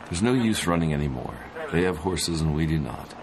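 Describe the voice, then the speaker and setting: A man's voice: extremely low pitch, expressive, a little fast, creaky, background noise, heavily acted. A man voicing a defiant rifle-toting woman. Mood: resolute. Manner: defiant, challenging.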